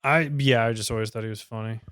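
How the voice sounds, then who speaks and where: Man, rapid speech, crisp dry sound, profane casual ranting. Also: on the low side, steady tone, fairly bright tone, no echo. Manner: fast, fired-up, profane ranting. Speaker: podcast co-host.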